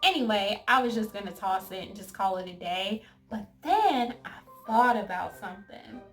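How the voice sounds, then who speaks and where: Young woman, mid-pitched voice, chatty animated storyteller talking to camera over faint music. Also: normal speed. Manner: chatty and animated, quotes others in lively asides. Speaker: storytime vlogger.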